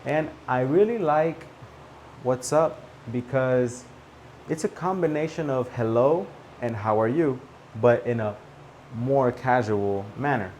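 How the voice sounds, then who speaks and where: Slow, clear male English teacher. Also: mid-range voice, a little mellow, slight background noise. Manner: slow, clear teaching delivery with repeated example phrases and frequent "okay?" checks. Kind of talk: spoken English lesson for learners.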